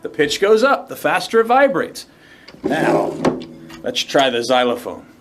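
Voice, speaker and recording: A man's voice: fairly high pitch, sing-song, measured pace, loud music behind the voice. A man hosting a science demonstration show, explaining step by step with enthusiasm. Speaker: science demo host. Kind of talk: upbeat educational demonstration.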